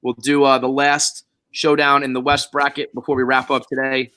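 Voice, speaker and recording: A young man co-hosting a sports podcast in a loose, rambling manner. He restarts his sentences often and swears casually. His voice sits at an everyday pitch. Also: little pitch movement, normal speed, bright, forceful tone, clean tone. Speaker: podcast co-host.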